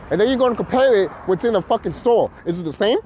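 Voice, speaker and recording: A man's voice: high-pitched, lively intonation, fast, a little mellow, a little hiss or hum. A man delivering an agitated, profane, preachy rant as a vlogger, repeating himself for emphasis. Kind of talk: ranting monologue to camera.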